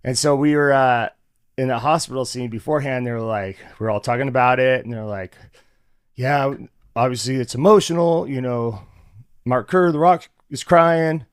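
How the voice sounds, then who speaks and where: A man guest in a casual interview, telling behind-the-scenes stories in an animated way and acting out what people said with laughs. His voice is dry and close, with nothing of the room around it. He talks at an easygoing, conversational pace. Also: medium pitch, moderate pace, clean tone, no echo. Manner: animated, acts out quotes with laughs. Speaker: guest, former fighter turned actor.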